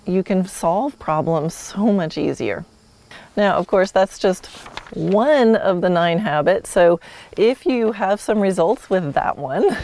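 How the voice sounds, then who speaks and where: A woman's voice: lowish voice, darkish tone. A woman teaching horsemanship in a friendly, easygoing way. She laughs often and acts out how a horse might reply. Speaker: horsemanship instructor. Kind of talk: teaching an online course lesson.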